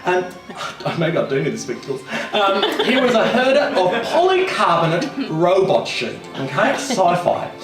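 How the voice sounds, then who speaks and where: Giggly, theatrical comic storyteller. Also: male voice, high-pitched, big pitch swings, moderate pace. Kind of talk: live comedy storytelling. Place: small live performance venue. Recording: echoey venue, far from mic, music.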